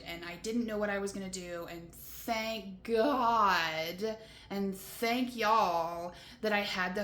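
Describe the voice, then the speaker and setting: Bright-voiced woman telling a rambling vlog story. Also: lowish voice, slight background noise. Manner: rambling, full of "like" and "you know", laughing between frustrations. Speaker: van life vlogger. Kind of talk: casual storytelling to camera. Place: motel room. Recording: roomy echo.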